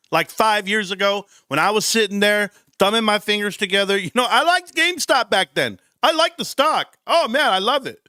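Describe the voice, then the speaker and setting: A man hosting a casual stock market livestream, animated and joking, acting out other people's voices. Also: high voice, dry recording, clean studio sound.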